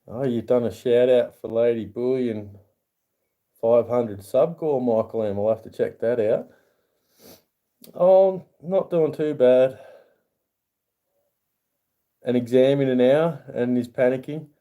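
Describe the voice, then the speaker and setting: An Australian man hosting a casual livestream, chatting and reading chat aloud. He greets viewers in a raised, higher voice. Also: fairly even intonation, moderate pace, dark tone. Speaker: livestream host.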